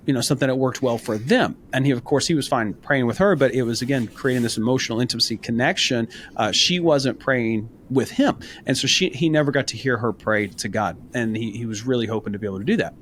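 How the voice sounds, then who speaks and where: Man, podcast co-host, earnest and encouraging, mid-pitched, light noise behind him. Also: fairly bright tone. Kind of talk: casual faith podcast talk.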